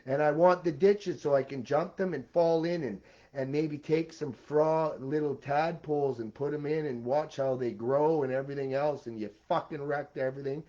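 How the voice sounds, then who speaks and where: A man's voice: a little high, normal speed, mellow, muffled recording. A man delivering a rambling, intense monologue as the host of his own video series.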